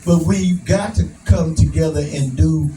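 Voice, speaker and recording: A man's voice: a little high, unhurried, mellow, faint music behind. A man giving a rousing, preacher-like speech at a prayer breakfast, folksy and laughing at his own jokes. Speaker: advocate speaker. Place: event hall. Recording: echoey room from a distance, noisy.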